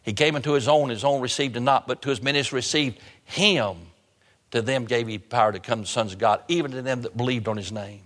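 A male pastor preaching a sermon in a church, repeating phrases and slowing down hard for emphasis. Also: mid-range voice, fairly bright tone. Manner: preaching with repetition and sudden slow emphasis. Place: church sanctuary. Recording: long hall reverb.

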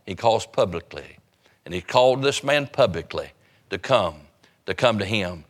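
A man's voice: lowish voice, expressive, normal speed. A man preaching an evangelistic sermon, urgent and fervent, hammering home repeated phrases.

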